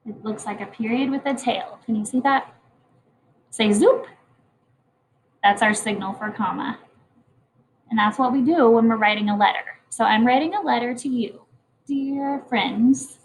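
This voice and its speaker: A woman's voice: on the high side, moderate pace, slight background noise, poor audio. A woman teacher leading a morning message lesson for young children, speaking in a patient, encouraging way. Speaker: kindergarten teacher.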